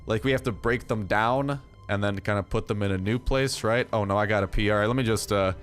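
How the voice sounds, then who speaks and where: A man's voice: fairly low pitch, brisk, few pauses, a bit bright, faint music behind. Rambling young man talking over gameplay. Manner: rambling, filler-heavy, jokey. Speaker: gaming YouTuber. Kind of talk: casual gameplay commentary.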